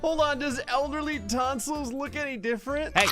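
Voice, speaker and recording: A young man giving sarcastic, deadpan comedic commentary on a life-simulation game, laughing often at his own jokes. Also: extremely high pitch, moderate pace, over music. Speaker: gameplay commentator.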